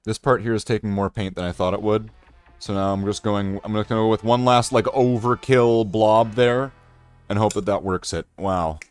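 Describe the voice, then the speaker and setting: A man's voice: on the low side, steady tone, fairly quick, clear, resonant tone. A man casually chatting while painting miniatures, rambling and joking at his own expense. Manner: rambling, joking, self-deprecating. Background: faint guitar music.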